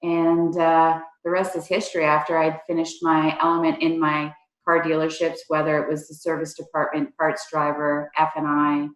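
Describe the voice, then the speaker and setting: A woman's voice: low voice, fairly bright tone. A woman in her forties, a district manager and trainer, talking casually in a rambling way with many fillers. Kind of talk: casual interview chat. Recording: echoey room.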